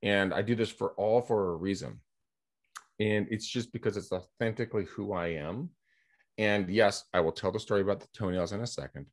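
Energetic, chatty middle-aged man. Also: fairly low pitch, a little fast. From California. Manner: energetic, chatty, rambling anecdotes with quoted dialogue. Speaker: guest, real estate agent and coach. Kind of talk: casual storytelling in a podcast interview.

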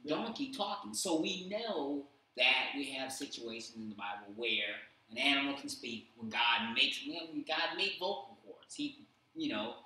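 A man's voice: mid-range voice, expressive, unhurried, sharp tone. A man leading a casual Bible study discussion, telling stories animatedly with many fillers. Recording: very echoey room, faint background hum.

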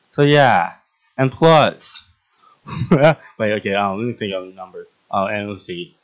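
A young man with a medium-pitched, animated voice chats casually at a moderate pace while role-playing in a game. As host, he's giggly and rambling, voices many characters, laughs often, and trails off with fillers.

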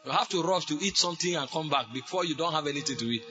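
A man preaching a sermon, fervent, with sudden shouted bursts. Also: fairly high pitch, expressive, racing.

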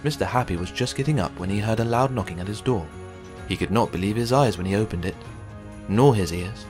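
A man reading a children's picture book aloud with gentle, expressive storytelling. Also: fairly low pitch, fairly quick. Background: faint background music.

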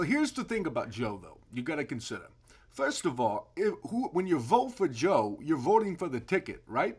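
A man making a prank phone call, talking haltingly with many fillers and restarts. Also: on the high side, darkish tone, slightly rough. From New York. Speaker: prank caller.

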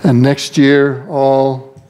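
A male pastor preaching a sermon in a lively storytelling manner, acting out characters with big swings in pitch. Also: very slow, smooth.

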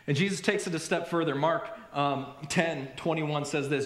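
A male pastor preaches in a high, bright-toned voice and tells stories with lively, self-deprecating humor. The room is echoey, the sound of a church sanctuary. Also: a little fast. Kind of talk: sermon.

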